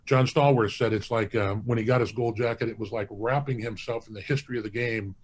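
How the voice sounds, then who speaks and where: A mid-range, steady male voice moves briskly against slight background noise. The speaker is a hall of fame president guesting on a casual interview, telling stories earnestly and ramblingly, often restarting what he says.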